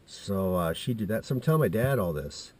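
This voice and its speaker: A man in his fifties rambles through a personal story in a low, husky voice. His tone is dark and mellow, and he keeps restarting his sentences and wandering off into side details. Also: animated, brisk. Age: 50s. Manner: meandering, with many restarts and asides. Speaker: vlogger telling a personal story.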